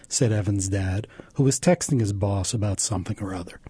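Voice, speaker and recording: Writer reading his story, dark husky voice, dead dry sound, deadpan. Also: on the low side, normal speed, no room sound.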